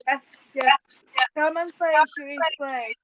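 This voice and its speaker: A woman's voice: high voice, unhurried, fairly bright tone, slight background noise, low-quality recording. A woman guest on a casual fan podcast, talking in an enthusiastic, gushing way.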